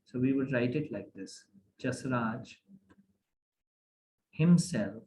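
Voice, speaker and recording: A man's voice: mid-range voice, slow pace. A man teaching a grammar class online, often checking that the class follows. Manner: animated, asks the class many checking questions. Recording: echoey room.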